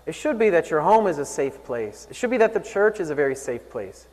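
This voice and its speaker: Male preacher, earnest storytelling sermon, slightly high voice, long hall reverb. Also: sing-song, brisk, a little mellow. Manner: earnest, storytelling, rises and falls in pitch and volume. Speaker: pastor.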